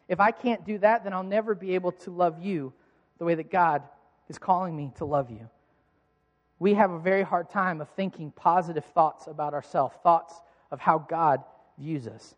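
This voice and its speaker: High-voiced pastor in an echoing hall. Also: male voice, fairly quick. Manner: storytelling, self-mocking, lively. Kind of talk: sermon. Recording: long hall reverb.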